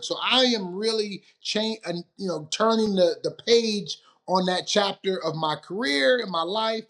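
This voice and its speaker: A man from Detroit, a retired football player, telling stories as an interview guest, acting out the quoted lines and laughing often. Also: high-pitched. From Detroit, USA. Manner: animated storyteller, acts out quotes, laughs often. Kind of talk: storytelling interview.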